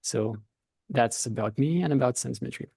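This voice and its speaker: Mellow-voiced man explaining with dry sound. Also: medium pitch, normal speed, gravelly, slightly rough, dry recording. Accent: Lithuanian. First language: Lithuanian. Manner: thoughtful, explanatory, with frequent restarts. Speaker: podcast guest, company founder. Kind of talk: conversational interview explanation.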